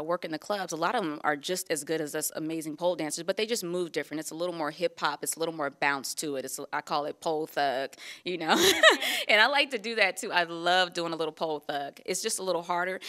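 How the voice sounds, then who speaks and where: A woman with a low, deep-set voice talks openly about her work as a pole dancer. She is lively and frank in a relaxed interview and laughs easily. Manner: lively, laughs often, candid. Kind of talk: casual interview chat.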